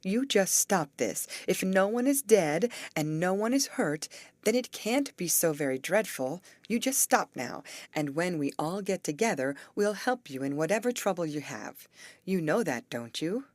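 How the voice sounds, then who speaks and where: A woman voicing a brisk, bossy teenage girl who leads her friends and coaxes them along. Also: sits low, animated, darkish tone, dry recording. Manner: brisk and coaxing.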